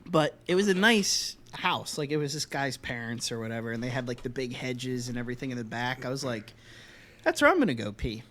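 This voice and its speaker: A man's voice: mid-range voice, big pitch swings, a little fast, a bit bright. A young man co-hosting a podcast, telling a long party story in a loose, profane way and acting out the voices of the people in it. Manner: loose and profane, acts out voices in his stories. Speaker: podcast co-host. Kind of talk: casual storytelling.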